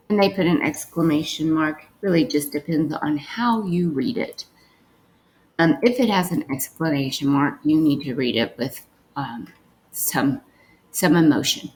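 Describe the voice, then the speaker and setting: A young woman teaching a recorded phonics lesson, dictating sentences slowly and sounding out words with care. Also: sits low, very animated, poor audio. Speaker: reading teacher.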